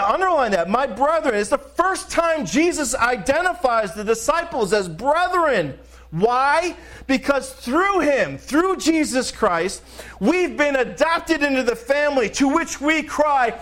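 A man's voice: extremely high pitch, a bit bright. A middle-aged man preaching a sermon as pastor, emphatic, repeating phrases and calling out to the congregation.

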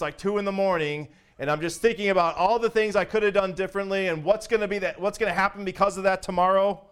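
A male pastor preaching a sermon, lively and swinging between loud declarations and hushed, soft asides, with frequent chuckles. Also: sits high, clear, resonant tone.

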